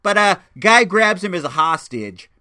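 A man's voice: high-pitched, expressive, measured pace, pushed and bright. A man reviewing a movie in a casual, chatty way, rambling with many restarts. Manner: enthusiastic, chatty.

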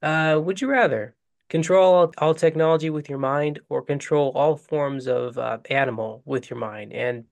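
Higher-voiced man, chatty podcast host. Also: normal speed, vocal fry. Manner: animated, laughing, stammering restarts. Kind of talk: casual chat.

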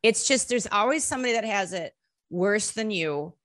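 Bright-voiced woman telling a story. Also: medium pitch, normal speed, dry recording, studio quality. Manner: animated, swearing, acts out quotes in bursts. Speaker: musician guest. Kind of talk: casual storytelling interview.

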